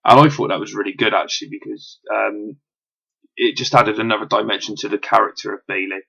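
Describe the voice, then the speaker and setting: Gravelly low-voiced man reviewing. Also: fairly even intonation, a little fast, sharp tone. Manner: rambling, lots of fillers and restarts, enthusiastic. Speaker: wrestling show reviewer. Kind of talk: casual solo review. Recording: dull lo-fi home recording.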